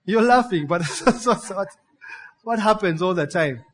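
A male preacher delivers a lively sermon. His voice sits fairly high for a man. He piles up words and keeps drawing his congregation in with quick questions. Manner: animated, call-and-response, piles up synonyms.

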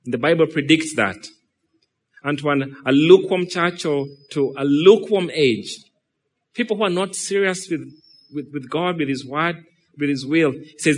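A man preaching a sermon, animated and dramatic, acting out quoted speech and shifting from loud rhetorical questions to hushed, slowed lines. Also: on the high side. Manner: acts out quotes and imagined dialogue in the middle of preaching.

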